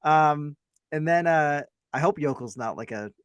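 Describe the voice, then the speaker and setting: A man's voice: on the high side, animated, measured pace, clear, resonant tone, no echo. A man co-hosting a podcast, chatting casually about a film in a rambling, hedging way. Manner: rambling, hedging, self-deprecating. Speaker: podcast co-host.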